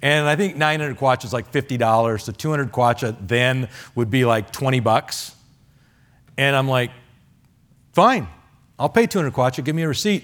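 A man preaching a sermon as a missionary, telling stories in a chatty, animated way with many fillers. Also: mid-range voice. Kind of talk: sermon with storytelling. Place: church sanctuary.

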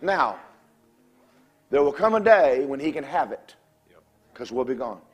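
A man preaching a revival sermon, telling stories, shouting at times and calling for amens. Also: medium pitch, sing-song, measured pace, breathy edge.

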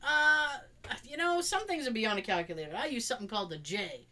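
Lively high-voiced woman telling stories. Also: fairly quick. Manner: animated storyteller who swears and acts out quotes. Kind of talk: casual chat.

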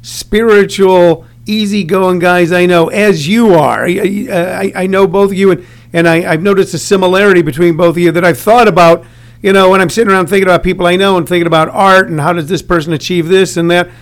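A man's voice: high voice, steady tone, a little fast. A man interviewing a guest, rambling and hesitant, with many fillers. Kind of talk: conversational interview.

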